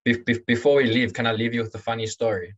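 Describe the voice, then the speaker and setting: A young man being interviewed as a guest, talking in a relaxed, rambling way with lots of restarts. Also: medium pitch, quick pace, husky, highs cut off. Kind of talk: casual interview chat.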